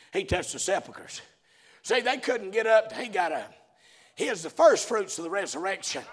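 A man's voice: high voice, animated, normal speed, long pauses. A man preaching a fiery sermon, hollering and then dropping to a murmur. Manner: hollering, swinging between shouts and murmurs.

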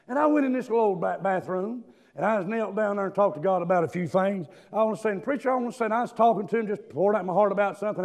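A man preaching a sermon, telling stories and breaking into shouted hallelujahs. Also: high voice. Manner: emphatic storytelling, bursts into shouted hallelujahs.

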